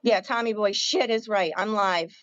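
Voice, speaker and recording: A woman's voice: mid-range voice, moderate pace, no room sound, dull audio. A woman ranting angrily and profanely on her livestream, confronting her viewers head-on. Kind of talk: angry livestream rant.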